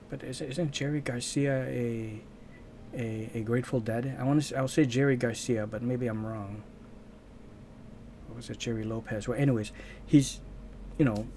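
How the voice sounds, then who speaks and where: A man's voice: mid-range voice, darkish tone, a little hiss or hum. A man hosting his own channel, talking in a casual unscripted monologue, rambling, restarting sentences and searching aloud for words. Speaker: channel host.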